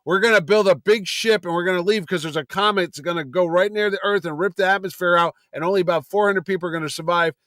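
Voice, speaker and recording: A man in casual podcast chat, telling stories in a blunt, profane, animated way. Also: high-pitched, quick pace, hardly any pauses, no room sound, studio quality.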